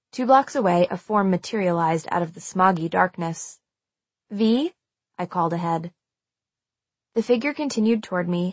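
A woman's voice: lowish voice, dry recording. A woman reading a first-person audiobook aloud, telling a tense and suspenseful story. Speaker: audiobook narrator.

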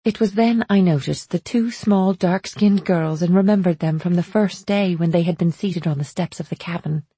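A woman narrating a first-person audiobook in a measured, storytelling way. Her voice is mellow and slightly husky, sitting a little low, recorded close and dry. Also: no room sound.

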